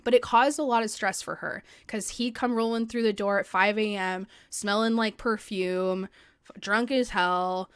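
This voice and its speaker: A woman's voice: medium pitch, steady tone, moderate pace, fairly bright tone, clear, resonant tone, no room sound. Chatty woman podcast host, dry close mic. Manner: chatty, swears freely, heavy use of "like". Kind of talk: casual chat. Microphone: podcast microphone.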